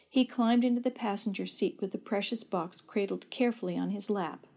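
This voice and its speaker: A woman narrating a children's story aloud in a steady, gentle read. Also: medium pitch, fairly quick, vocal fry.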